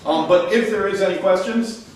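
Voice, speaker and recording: A man's voice: high-pitched, normal speed. Joking man in a big echoey hall. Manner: joking, self-mocking, chatty asides. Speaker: ghost hunt host. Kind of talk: casual briefing to a live group. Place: large echoey stone building indoors. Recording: echoey hall, voice from far off, faint noise.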